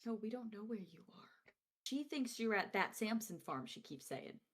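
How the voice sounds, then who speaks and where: Woman as a steady young woman, protective, plain voice, tabletop game. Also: mid-range voice, unhurried. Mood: reassuring. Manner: plain, steady, with filler words. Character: young woman, calm, protective of a scared friend.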